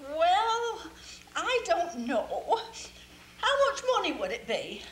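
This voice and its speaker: A woman plays a hesitant young grocery clerk with a very high, sing-song voice. She speaks slowly and haltingly. The stage recording sounds roomy with faint hiss. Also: big pitch swings, heavily acted. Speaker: community theater actor. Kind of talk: stage play acting.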